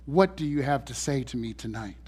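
A man's voice: medium pitch, expressive, a little fast, darkish tone, husky, voice pushed down. A man voicing a lovestruck man who whispers tender words to his phone.

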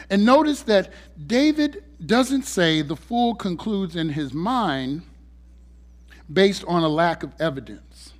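A man's voice: sits high, animated, slow pace. A male pastor delivering a sermon in a conversational, humorous storytelling manner.

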